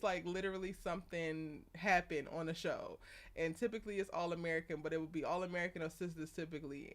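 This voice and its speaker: A young woman hosting a casual live stream, chatty and laughing often as she greets viewers by name. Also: fairly low pitch. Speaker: live show host.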